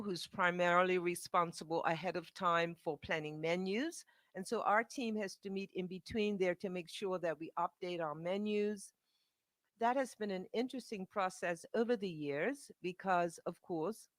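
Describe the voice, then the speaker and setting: A woman's voice: lowish voice, fairly bright tone, dry recording, clean studio sound. A woman with a Bermudian accent, a charity's executive director, speaking off the cuff at a press conference. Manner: unscripted, fillers and restarts.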